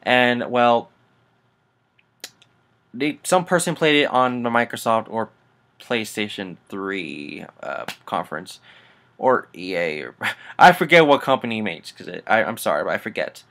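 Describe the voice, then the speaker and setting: A man's voice: on the low side, expressive, unhurried, a bit bright. A man hosting a casual gaming news vlog, rambling and swearing through annoyed asides. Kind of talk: casual rant to camera.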